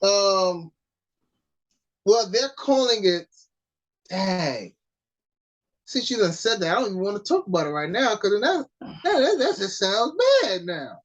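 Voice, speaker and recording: Woman, podcast co-host, unhurried and playful, drawn-out pauses. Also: medium pitch, very animated, muffled recording. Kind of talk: casual chat.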